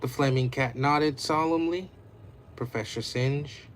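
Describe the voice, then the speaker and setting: A man's voice: mid-range voice, animated, takes it slowly. A man reading his own homemade adventure story aloud in a casual, unpolished way.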